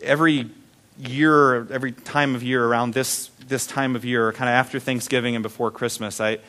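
A man's voice: mid-range voice, steady tone, moderate pace, pushed and bright. A young man preaching a sermon, telling a personal story in a conversational, heartfelt way.

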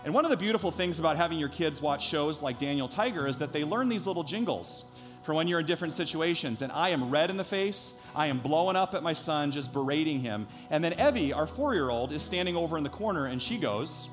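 A man's voice: a little high, animated, quick pace, soft background music. A man in his thirties, a pastor preaching a sermon, telling a personal story earnestly before building to emphatic preaching.

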